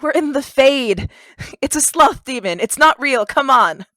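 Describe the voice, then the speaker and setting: A woman's voice: sits high, lively intonation, unhurried, sharp tone, dry recording. A woman player in a tabletop game, speaking earnestly and insistently in character. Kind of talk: tabletop role-play.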